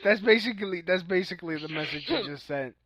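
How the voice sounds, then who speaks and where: A man's voice: sits high, lively intonation, fast, a bit bright, no echo. A man co-hosting a podcast, reacting with playful jokes in casual chat. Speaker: podcast co-host. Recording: dull lo-fi podcast audio.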